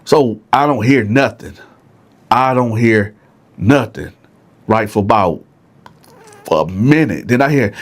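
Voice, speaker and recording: A man telling a story in a casual storytime, animated, often checking in with his listeners with "right?". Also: on the low side, takes it slowly, pauses often. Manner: animated, keeps asking "right?". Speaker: storyteller host.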